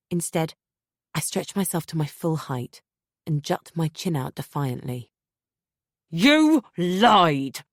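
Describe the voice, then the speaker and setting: A woman with a low, grounded voice reads a first-person audiobook in a measured, steady way. Recorded close and dry, with no room sound, she sometimes sinks to a hushed near-whisper. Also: no echo. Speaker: audiobook narrator.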